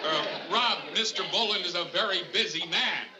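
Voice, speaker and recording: A man's voice: high voice, moderate pace, far from the mic, a loud crowd, lightly acted. Flustered TV producer, played by a man. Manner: nervous, hesitant. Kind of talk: 1960s sitcom acting. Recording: echoey, hissy old TV audio, loud audience.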